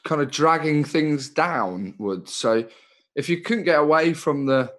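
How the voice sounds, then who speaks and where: Dude musing slowly on a podcast, bouncy pitch, bright voice. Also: male voice, lively intonation. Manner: musing, jokey, questioning. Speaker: podcast co-host. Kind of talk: casual chat.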